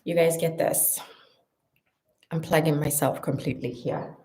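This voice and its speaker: A young South African woman speaks in an animated way as she chats to camera in her home vlog. Her voice sits on the low side for a woman, and she keeps the talk loose and playful. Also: unhurried, background noise. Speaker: vlogger. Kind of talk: casual chat to camera.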